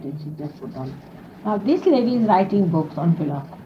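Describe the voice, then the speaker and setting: A woman's voice: fairly low pitch, sing-song, brisk. Woman teacher on muffled old archive tape. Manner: conversational, explanatory, sprinkled with "you see". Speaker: spiritual teacher. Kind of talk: informal spiritual talk to followers. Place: indoor gathering. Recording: dull lo-fi 1970s archive tape with faint hiss.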